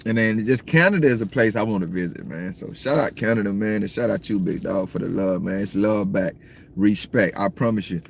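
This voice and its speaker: A man from the States, rambling through a casual livestream chat, slangy and cursing freely while he shouts out viewers. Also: fairly low pitch, a little fast, vocal fry, a little hiss or hum. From Southern United States. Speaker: livestream host. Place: in a car at times.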